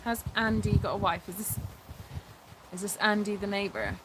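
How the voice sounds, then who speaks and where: A woman's voice: mid-range voice, fairly even intonation, moderate pace, heavy background noise. A woman with a Scottish accent co-hosting a casual live stream from an animal sanctuary, reading out viewer comments and answering them with frequent laughs. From Scotland.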